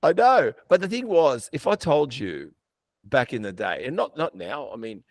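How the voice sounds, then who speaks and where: A man hosting a podcast in casual chat, blunt, swearing and animated as he tells stories. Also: medium pitch, moderate pace, dry recording. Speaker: podcast host.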